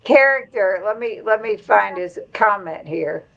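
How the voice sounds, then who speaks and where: A woman's voice: mid-range voice, lively intonation, measured pace, vocal fry, fairly bright tone, highs cut off. A middle-aged woman hosting a live stream in casual chat, reading viewer comments aloud and laughing along.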